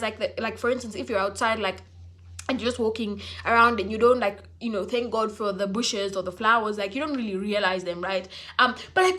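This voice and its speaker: High-voiced chatty young woman vlogger. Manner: chatty, animated, many fillers and restarts. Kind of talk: casual chat to camera.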